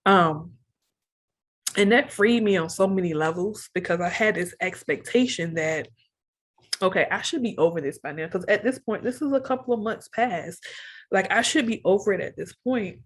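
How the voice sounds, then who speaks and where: A woman's voice: fairly low pitch, moderate pace. A young woman telling her own story of pregnancy loss, candid and earnest, reenacting her own thoughts as she goes. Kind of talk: emotional personal storytelling.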